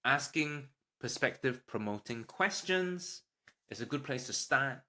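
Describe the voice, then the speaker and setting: A man hosting a solo parenting podcast, calmly explaining tips and acting out sample lines a parent might say. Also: medium pitch, moderate pace. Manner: calm, explanatory, acts out parent lines with a livelier voice. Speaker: podcast host, parenting doctor.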